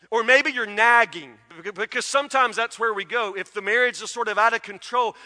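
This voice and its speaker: Pastor, a man, folksy and emphatic in his sermon; very high-pitched voice, echoing through a big hall. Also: sharp tone. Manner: folksy storytelling preacher, emphatic repetition. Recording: long reverb of a large hall.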